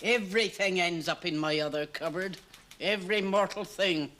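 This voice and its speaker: A woman's voice: lowish voice, normal speed, a bit bright, close to an everyday voice. An actress playing a blunt, prickly cleaning lady. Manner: blunt, touchy. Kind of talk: 1970s British TV sitcom acting. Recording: old TV sound with faint hiss.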